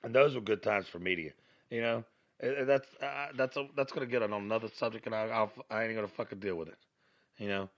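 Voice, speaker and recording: A man's voice: fairly low pitch, fast talker, highs cut off. A middle-aged man ranting on his own podcast, rambling and grumbling with plenty of cursing and filler. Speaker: podcast host. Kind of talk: profane solo rant.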